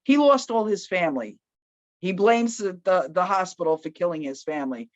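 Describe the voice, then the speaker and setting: Storytelling woman, loud and animated, pitch jumping around, dry muffled sound. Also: normal speed, dry recording. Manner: loud, animated, acts out quoted voices. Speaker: guest telling a personal story. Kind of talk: casual storytelling.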